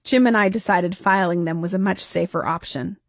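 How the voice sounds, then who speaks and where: Lady reading her own novel aloud, animated on questions, dry studio sound, close mic. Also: fairly quick, dry recording. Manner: expressive, pitch jumps on questions and exclamations. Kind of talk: first-person audiobook narration.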